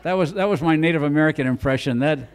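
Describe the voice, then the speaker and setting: An older man with a notably high voice does a stand-up comedy set on a club stage. He rambles in a folksy, self-mocking way into a handheld microphone. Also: fast talker.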